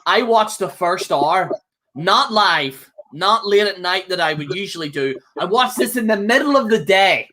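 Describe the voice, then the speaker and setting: Bright-voiced man on an angry rant. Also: high-pitched, animated, moderate pace, slight background noise. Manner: angry, profane, repeats himself, keeps ending with "okay?". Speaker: co-host. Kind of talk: casual podcast rant.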